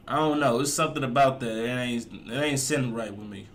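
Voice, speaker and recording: A man with a medium-pitched voice talks fast over background noise as a reaction streamer, casually mocking a clip. He is laid-back, drawling and repeating his jokes.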